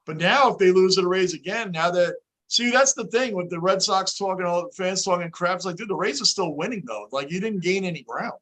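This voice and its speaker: A New man hosts a live baseball watch-along with a fairly high voice. He talks in an animated way, and he shouts when the game swings. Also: fairly quick. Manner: animated, yells with excitement at big plays. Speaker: host.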